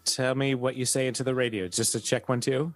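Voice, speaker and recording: Relaxed man narrating a tabletop game. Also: mid-range voice, fairly quick. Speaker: game master. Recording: faint music behind.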